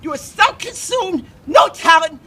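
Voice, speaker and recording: Man doing an explosive screaming ranter, shrill and very high, bright and harsh, distant from the mic. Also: animated, unhurried, heavily acted. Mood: screaming rage. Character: furious ranting man hurling insults.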